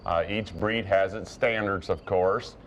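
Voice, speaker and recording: A man's voice: low-pitched, steady tone, a little slow, fairly bright tone, a little hiss or hum. A man answering questions in a fair's rabbit barn, explaining in a matter-of-fact way. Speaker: rabbit exhibitor. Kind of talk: interview answers.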